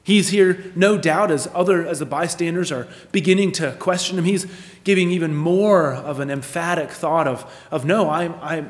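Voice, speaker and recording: Guy preaching, goes from emphatic to almost hushed, lots of rhetorical questions, long echo like a church hall. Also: on the high side, normal speed, hardly any pauses. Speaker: pastor. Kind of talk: sermon.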